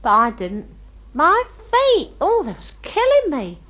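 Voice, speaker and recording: In a high, bright, exaggerated voice with huge pitch swings and a slightly slow pace, an actress performs a comic monologue. Her character is a chatty, starry-eyed young working-class London girl who tells a funny story in gossipy, ungrammatical speech.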